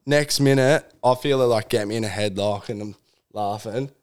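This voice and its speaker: A man's voice: on the low side, moderate pace, clear, resonant tone. A young Australian man co-hosting a podcast, telling a rowdy story in casual chat with laughs and swearing. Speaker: podcast co-host.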